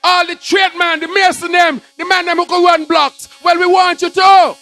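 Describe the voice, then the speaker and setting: A man with a Kittitian accent giving a rousing political rally speech, shouting his lines in repeated, punchy phrases to an outdoor crowd. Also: very high voice, little pitch movement, normal speed, soft background music. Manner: shouted, rousing, repetitive call-and-response phrasing.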